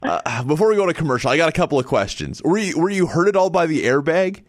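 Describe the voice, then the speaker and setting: A man's voice: a little high, lively intonation, quick pace, dry recording, studio quality. A man hosting a morning radio show and interviewing a caller in an upbeat way. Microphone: studio microphone.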